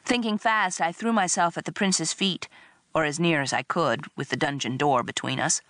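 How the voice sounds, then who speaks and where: A woman reading a first-person story aloud in a wry, expressive narration. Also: low-pitched, normal speed, no echo, studio quality. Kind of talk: audiobook narration.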